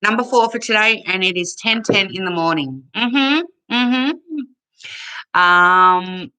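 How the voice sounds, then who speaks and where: Woman, livestream host, slow relaxed pace, bright voice, chatty, emotional, computer mic at home. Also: medium pitch, clear, resonant tone, rough recording. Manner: chatty, warm thanks to viewers, emotional and tearful at times. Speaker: livestream host reading chat. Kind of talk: casual live chat.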